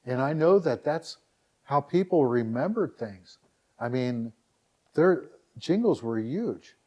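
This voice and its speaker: A man's voice: medium pitch, takes it slowly, muffled recording. A man being interviewed on a podcast, telling stories casually and acting out quotes with animation. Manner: animated, acts out quotes in a raised voice. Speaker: guest, dating site founder.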